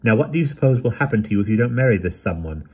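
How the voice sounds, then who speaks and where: A man voicing a brisk, severe young woman who speaks in a crisp, emphatic, commanding way. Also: on the low side, animated, mellow, voice pushed up.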